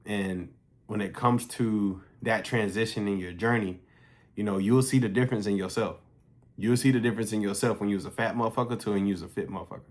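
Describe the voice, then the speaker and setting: His voice is fairly low, steady in tone and fast as this fitness coach tells his vlog viewers a story. The talk is casual and blunt, with plenty of free-flowing swearing in a conversational style.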